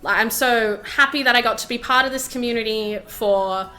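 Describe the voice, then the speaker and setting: A bubbly woman streamer with a high, bright voice chats casually to her viewers. She talks freely and fills her sentences with "like", with a little music underneath. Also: moderate pace. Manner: bubbly, chatty, full of "like" fillers. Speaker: VTuber streamer. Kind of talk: casual livestream chat.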